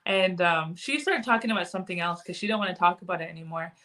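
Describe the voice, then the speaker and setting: Talking quickly in a lowish, fairly bright voice, this woman appears as a podcast guest. The chat is casual and loose, and she's blunt and candid, cursing here and there.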